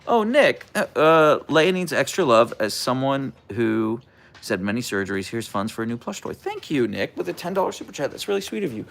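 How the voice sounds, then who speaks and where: A man hosting a casual livestream, playfully talking to his husky and reading chat, his pitch jumping up when he baby-talks the dog. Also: sing-song, fairly quick, a bit bright. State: sleep-deprived. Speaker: livestream host with pet huskies.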